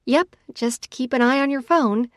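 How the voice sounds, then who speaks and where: A woman's voice: high-pitched, measured pace, no echo, clean studio sound, pitched above the performer's own voice. A woman reading as a teasing, laughing friend. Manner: teasing and warm. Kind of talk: audiobook dialogue reading.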